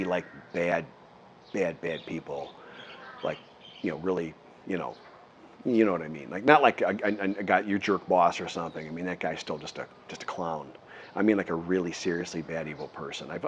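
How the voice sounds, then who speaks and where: A man's voice: on the low side, highs cut off, a little hiss or hum. A man vlogging, telling a story in a rambling, earnest way with many restarts. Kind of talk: casual storytelling to camera.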